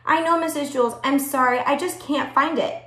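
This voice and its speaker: A woman's voice: high-pitched, brisk, sharp tone, voice pushed up. Anxious young schoolgirl, pleading, woman doing the voice, echoey room. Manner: pleading and fretful.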